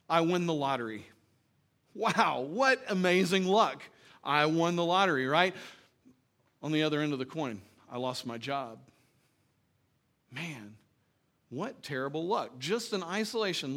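A pastor delivers his sermon in an easygoing, talk-to-you way, his voice sitting a little higher than most men's. He pushes up loud on his questions and then sinks low and quiet as he tells a story. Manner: conversational preaching, rising loud for emphasis and dropping soft in story lines. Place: church.

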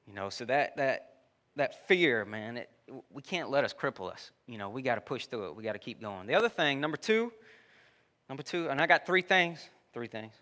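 A man delivers a relaxed, talky sermon. His voice is bright and forward and sits at an ordinary middle pitch. He often restarts sentences and calls the listeners "y'all.". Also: moderate pace. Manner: conversational, uses dude and y'all, many restarts. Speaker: preacher. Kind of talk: sermon with personal story.

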